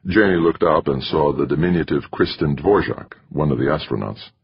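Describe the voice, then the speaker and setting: Very deep, husky male narrator. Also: normal speed, muffled recording. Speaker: audiobook narrator. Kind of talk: scripted narration.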